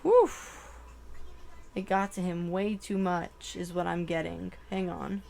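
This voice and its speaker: Slow-talking woman tarot reader. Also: lowish voice, steady tone, gravelly, mellow. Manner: emotional, halting, many "like" fillers. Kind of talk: channeled tarot reading.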